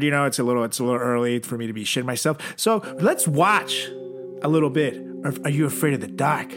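A man's voice: mid-range voice, fast talker, fairly bright tone, faint music behind. A man co-hosting a podcast who is not a native English speaker, joking in rambling, self-mocking casual banter. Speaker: podcast co-host.

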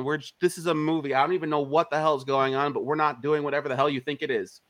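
At a fairly quick clip and medium pitch, a man recounts a long anecdote in an interview about his indie filmmaking. He's lively and profane, playing out the other people's lines as he goes.

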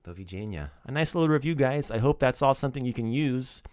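A man's voice: mid-range voice, lively intonation, fast talker, darkish tone, clear, resonant tone, dry recording, studio quality. A man teaching a casual podcast language lesson, upbeat and playfully teasing his student.

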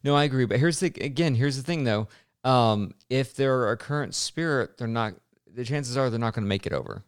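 A man talking games with a friend in an easygoing, rambling way, stopping and restarting mid-sentence and laughing as he goes. his voice sits at an ordinary middle pitch, neither high nor low. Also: expressive, a little fast, clear, resonant tone. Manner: rambling, self-correcting, laughs often. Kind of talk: casual gaming chat.

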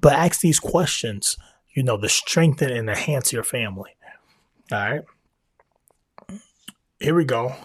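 A man talks in a loose, slangy, repetitive way, like a podcast host sharing faith and family thoughts. His voice is husky and sits at an ordinary pitch. The recording is dry and close. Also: expressive, a little slow, long pauses, dry recording. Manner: conversational, slangy, repeats himself, sometimes drops into prayer. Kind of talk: casual faith-based family talk.

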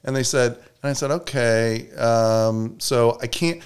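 Smooth-voiced man, animated podcast storyteller. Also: medium pitch, slow pace, hardly any pauses. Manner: animated storyteller, swears when irritated. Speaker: podcast co-host. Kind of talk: casual podcast banter.

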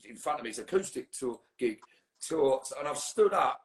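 A man's voice: medium pitch, lively intonation, normal speed, echoey room. A middle-aged man, a guest musician swearing freely as he rambles through anecdotes in casual podcast chat.

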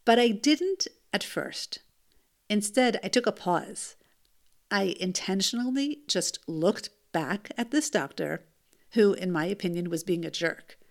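A woman, a mother, telling a first-person story in an animated, emphatic way, with rhetorical asides to the listener. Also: mid-range voice, measured pace, gravelly.

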